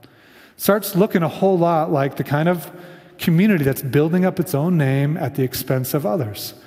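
A man's voice: fairly high pitch, moderate pace, a little mellow, in a large hall. A man preaching a sermon in a casual storytelling way, often slipping into quoted lines. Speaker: pastor.

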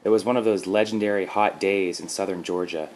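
Deep-voiced man reading a story. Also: fairly even intonation, brisk, a little mellow, low-quality recording. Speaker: podcast host and story reader. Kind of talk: scripted story narration.

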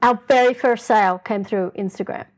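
A woman's voice: mid-range voice, a little fast. An older woman, a guest, telling stories in a casual interview and acting out the lines she quotes. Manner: lively, acts out quoted lines, laughs often.

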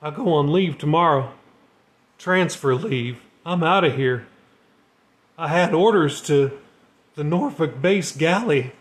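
In a slow, slightly high voice with frequent pauses, a man performs a storybook role as a demoted male navy sailor. The gruff, remorseful character speaks plainly with slang, resigned and shaky with regret.

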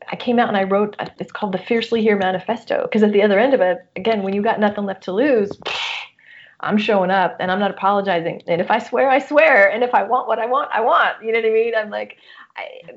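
A middle-aged woman talks openly as a guest, earnest and candid, often restarting her sentences as thoughts spill out. Her voice sits in a middle range. The recording sounds slightly dull and lo-fi. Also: medium pitch. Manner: earnest, open, talks in rushes with many restarts. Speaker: guest, coach. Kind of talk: candid personal conversation. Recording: muffled lo-fi audio.

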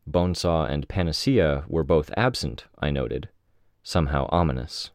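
Very deep-voiced man reading an audiobook. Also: normal speed, darkish tone, no room sound. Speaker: audiobook reader. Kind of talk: first-person audiobook narration.

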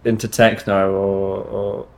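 A man talking in a casual interview, halting, with many restarts and fillers. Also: on the low side, flat delivery, creaky, darkish tone. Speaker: guest musician.

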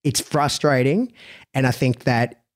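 A man's voice: mid-range voice, a little slow. A man talking through dog-training ideas in casual podcast chat, looping back often with "right?" and "you know".

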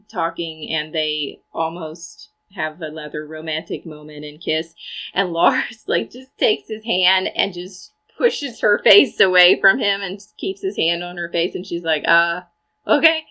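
Bright-voiced chatty woman. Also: fairly low pitch, slow pace, rough recording. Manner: chatty, animated storytelling with asides. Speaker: podcast co-host recapping a film. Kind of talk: casual chat.

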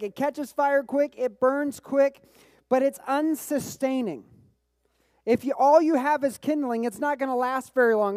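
A man preaching a sermon as pastor, telling a personal story with bursts of excitement and frequent repeated words. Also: very high voice, no room sound. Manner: repeats words when restarting phrases.

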